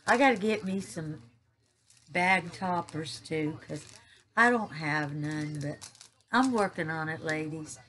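A woman's voice: on the low side, fairly bright tone. A woman, gushing as she unboxes and shows off craft pieces in a casual vlog. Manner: gushing, drawn-out, repeats herself. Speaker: crafting YouTuber.

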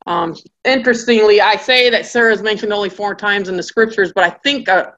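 A woman teaching a Bible study class in a lively storytelling style, acting out the people in her stories. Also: medium pitch, a little fast, lo-fi sound. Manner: acts out characters' voices in quotes.

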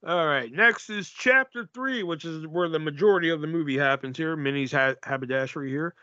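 A man's voice: on the high side, brisk, pushed and bright, dry recording, muffled recording. A man co-hosting a podcast, retelling movie scenes in a casual, profane way. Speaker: podcast co-host.

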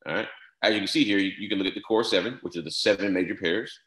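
A man giving a step-by-step software tutorial, repeating short instructions and filling pauses with "all right". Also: sits low, echoey room. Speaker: software trainer. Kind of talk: screen-share tutorial walkthrough.

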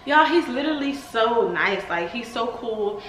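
A young woman chatting casually to her viewers in a home vlog, excitable and talkative, often saying y'all. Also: fairly high pitch, unhurried, roomy sound, a little hiss or hum, low-quality recording. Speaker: vlogger.

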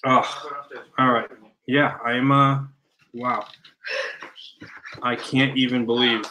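A man opening trading cards on a live stream from home, talking excitedly and exclaiming in breathless bursts. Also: mid-range voice, slow, a little hiss or hum, poor audio.

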